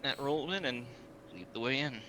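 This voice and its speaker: Bright-voiced, relaxed tabletop player. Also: male voice, medium pitch, normal speed, a little hiss or hum, low-quality recording. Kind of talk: casual tabletop play.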